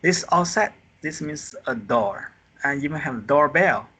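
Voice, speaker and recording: A man teaches a beginner Mandarin class live over a video call, speaking slowly in simple non-native English. His voice is bright and a little husky, and he acts out the tones with long, animated sighs. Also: a little high. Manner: animated, drawn-out sighs acting out the four tones. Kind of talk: live online group lesson. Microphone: computer mic on a video call.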